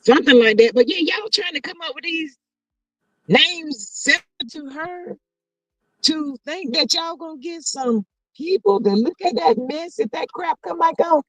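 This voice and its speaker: A woman's voice: sits high, expressive, moderate pace, poor audio. A woman hosting a casual livestream chat, reading viewer comments aloud and agreeing emphatically. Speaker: host.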